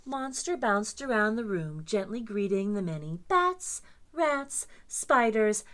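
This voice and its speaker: Lively woman reading a children's story. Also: medium pitch, takes it slowly. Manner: expressive, dramatic storytelling. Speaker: children's librarian. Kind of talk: reading a picture book aloud to children.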